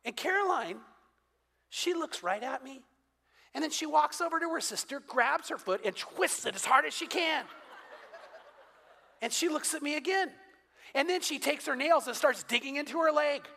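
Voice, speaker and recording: A man's voice: very high-pitched, expressive, normal speed, creaky, long pauses, bright, forceful tone. An older man preaching a sermon, with a conversational, storytelling manner and touches of humor. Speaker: pastor. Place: church sanctuary. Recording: long hall reverb.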